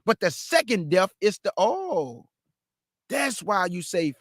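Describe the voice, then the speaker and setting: A man teaching the Bible, reading verses aloud and breaking off to question them with drawn-out emphasis. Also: sits high, big pitch swings, no room sound, clean studio sound. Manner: reads verse then stops to question it aloud. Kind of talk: street-style scripture teaching.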